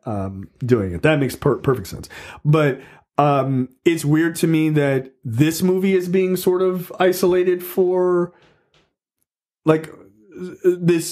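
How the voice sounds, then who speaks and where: A man's voice: on the high side, a little mellow. A man hosting a podcast in casual chat, rambling along with many fillers and restarts. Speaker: podcast host.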